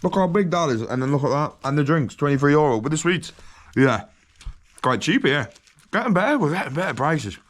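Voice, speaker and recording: A young man, chatting excitedly to camera on a travel vlog, slangy and laughing often. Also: on the high side, a little fast. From England. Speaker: travel vlogger. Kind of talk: casual vlog chat to camera. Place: glamping site outdoors.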